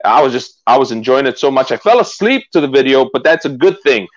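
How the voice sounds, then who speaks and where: A man co-hosting a casual live stream, chatty and quick to laugh, talking into a phone. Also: mid-range voice, lively intonation, muffled recording. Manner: chatty, laughs often, restarts a lot. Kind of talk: casual chat. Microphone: phone used as camera.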